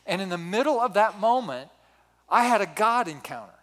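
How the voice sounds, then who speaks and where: A man in his sixties, a pastor telling a personal story in a sermon with animated, self-mocking humor. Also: high voice, moderate pace. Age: 60s. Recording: reverberant hall.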